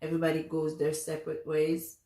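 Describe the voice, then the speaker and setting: A woman's voice: sits low, monotone, a little fast, warm tone. A woman in her twenties, from the United States, telling a personal story to camera in a chatty, confiding, rambling way with lots of fillers. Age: 20s. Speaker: vlogger. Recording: echoey room.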